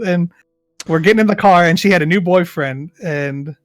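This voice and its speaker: Casual storytelling man, fairly high voice, dry close mic, faint music behind. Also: moderate pace, no room sound. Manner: animated storyteller, acts out quotes, swears freely. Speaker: podcast co-host.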